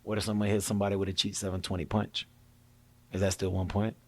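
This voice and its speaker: A man in casual chat who reacts with jokes and quick quips. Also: on the low side, level tone, a little mellow. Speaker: podcast co-host. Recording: long hall reverb.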